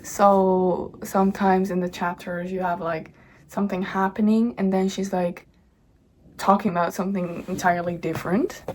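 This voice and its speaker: A woman's voice: fairly low pitch, level tone, moderate pace, darkish tone, a little hiss or hum. A young woman casually chatting about her own book at home, rambling, bubbly and easily sidetracked. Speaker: author and vlogger. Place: home indoors.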